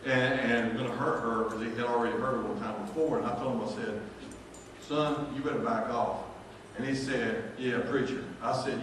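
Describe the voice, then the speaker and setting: A man's voice: medium pitch, steady tone, moderate pace, background noise. Male preacher, jokey storyteller, recorded from far off in a big echoey church. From North Carolina, US. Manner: folksy, jokey, builds to shouted praise. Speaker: pastor. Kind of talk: storytelling sermon. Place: large church sanctuary.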